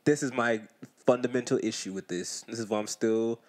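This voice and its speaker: A young adult man hosting a podcast in casual chat, who laughs often and jumps in with quick comments. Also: mid-range voice. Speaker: podcast host.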